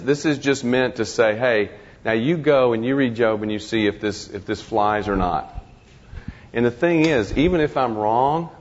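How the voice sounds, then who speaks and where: A man giving an informal lecture to a class, talking conversationally with halting restarts and wry self-deprecating humor. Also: medium pitch. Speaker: guest speaker to a ministry class. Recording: dull lo-fi recording in a reverberant hall.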